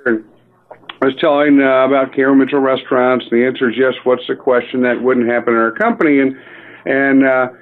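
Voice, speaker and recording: A middle-aged man tells a workplace story in a medium-pitched voice, full of filler words. He slips into the dialogue as he goes. The sound is narrow and phone-like, as if carried over the radio. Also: flat delivery, fairly quick. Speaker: restaurant company leader. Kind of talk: anecdotal storytelling.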